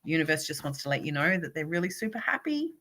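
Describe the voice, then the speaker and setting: Low-voiced woman giving oracle card readings. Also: very animated, fast. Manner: warm, encouraging, addresses viewers by name. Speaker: spiritual coach reading oracle cards.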